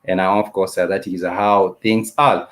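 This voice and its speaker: A man with a fairly low voice leads an online language lesson. He explains at length, repeats himself and fills pauses with "uh" and "you know". He sounds words out slowly, letter by letter. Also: fairly even intonation. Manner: repetitive, explanatory, many "uh" and "you know" fillers. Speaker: Swahili teacher. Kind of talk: live-stream language lesson.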